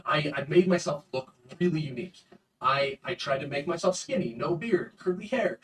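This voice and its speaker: A man from the United States, an actor talking in a casual interview, animated and self-deprecating. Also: fairly high pitch, normal speed, husky. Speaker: actor and guest.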